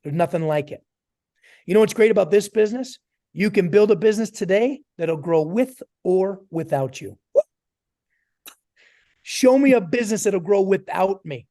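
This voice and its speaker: A man in his forties gives a motivational talk to his team over a video call. His voice sits high for a man. He speaks in a lively storytelling manner and turns often to address his listeners by name. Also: moderate pace, long pauses. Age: 40s. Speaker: network marketing trainer.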